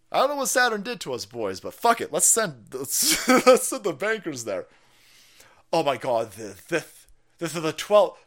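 A middle-aged man doing profane live-stream commentary in a fairly high voice. His pitch swings widely as he moves from loud outbursts to low, muttered asides. He laughs often as he rants.

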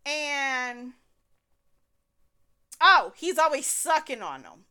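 A woman's voice: high voice, extremely slow, long pauses. A woman telling a story in a casual vlog, swearing freely and sounding exasperated as she relives it. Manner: profane, exasperated, animated retelling.

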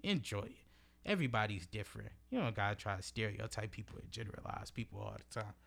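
A man's voice: fairly low pitch, fast, gravelly, a bit bright. A man in his early twenties giving an emphatic, preachy motivational monologue as a podcast host, in casual slang with swearing and repeated phrases. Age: early 20s.

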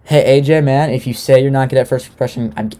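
A young man talking loosely and sarcastically, like a podcast host recapping television. His voice is mellow and dark, sitting at a middle pitch. He drops in a curse now and then without much fuss. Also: steady tone, quick pace. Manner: loose, sarcastic, swears casually. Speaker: podcast host recapping a reality dating show. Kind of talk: casual chat.

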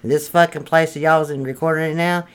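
A man's voice: a little high, fairly even intonation, fast talker, a bit bright, smooth, lightly acted. A man playing a crude, foul-mouthed redneck landlord from North Carolina, blustering through an improvised comedy sketch. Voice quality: profane, blustering, drawling. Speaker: comedy podcast character.

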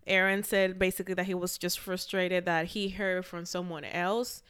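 A woman co-hosting a podcast in casual chat, animated, laughing often and swearing casually. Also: fairly low pitch, moderate pace, clear, resonant tone. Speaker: podcast co-host.

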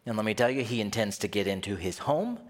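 A pastor delivers his sermon in a chatty, animated style, and his pitch swings widely as he acts out scenes. His voice carries a long reverb from a large church hall. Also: fast talker.

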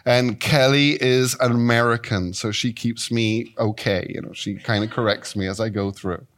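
This Englishman in his fifties preaches as a visiting Bible teacher at a moderate pace overall. His delivery is animated and playful, frequently changing in pitch and speed.

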